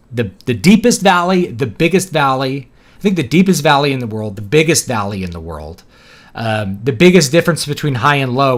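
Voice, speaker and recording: A man's voice: medium pitch, a bit bright. Chatty rambling man from East Texas. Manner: rambling, chatty, laughs often. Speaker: streamer playing a video game. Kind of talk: casual gameplay commentary.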